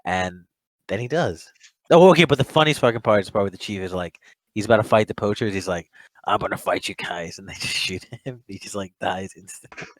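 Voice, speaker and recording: A man's voice: on the low side, quick pace, no echo, rough recording. A young man chatting casually as a podcast co-host, rambling, swearing often and laughing a lot. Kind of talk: casual chat.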